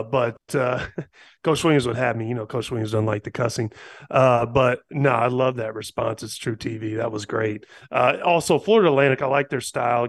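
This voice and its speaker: A man's voice: mid-range voice, no echo, clean studio sound. Laid-back hesitant man. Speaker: podcast guest, former player. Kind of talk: casual sports chat.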